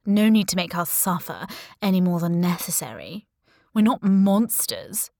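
A woman narrator voicing a smug, unhurried male killer in an audiobook, with a calm, mocking, drawn-out delivery. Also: on the low side, gravelly, no room sound, studio quality, heavily acted. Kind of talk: audiobook character voice.

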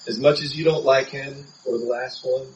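A man's voice: mid-range voice, steady tone, normal speed, recorded from a distance, a little hiss or hum, poor audio. A man preaching a sermon in an earnest, conversational way, from San Diego.

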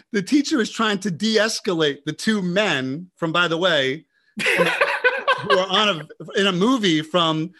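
A man co-hosting a podcast, telling stories in a casual, animated way with many restarts. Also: sits high. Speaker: podcast co-host.

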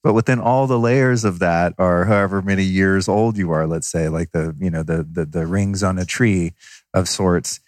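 A man's voice: deep voice, fairly even intonation, moderate pace, no echo, clean studio sound. A man in his fifties hosting a podcast, reflective and thinking aloud through analogies in casual talk. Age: 50s. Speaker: podcast host.

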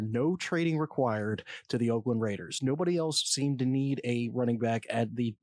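A man's voice: mid-range voice, normal speed, few pauses, darkish tone, dry recording. A man giving casual, opinionated commentary on football draft picks, blunt and swearing at times.

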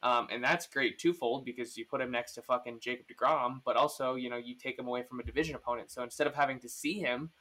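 A man's voice: mid-range voice, fairly even intonation, quick pace, hardly any pauses, sharp tone. A man hosting a podcast, chatting casually about sports with lots of fillers and restarts. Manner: rambling, full of fillers and restarts. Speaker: podcast host.

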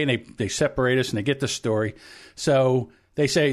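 A man's voice: medium pitch, brisk. A man of about sixty co-hosting a podcast, telling a long story bluntly and with plenty of swearing. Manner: profane, blunt anecdote-telling. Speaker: podcast co-host. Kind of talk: casual chat, storytelling.

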